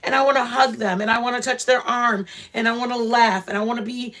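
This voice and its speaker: Blunt, rambling woman with a high voice. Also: steady tone, brisk, fairly bright tone. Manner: blunt, rambling, many fillers and restarts. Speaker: channel host chatting with live viewers. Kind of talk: casual livestream chat.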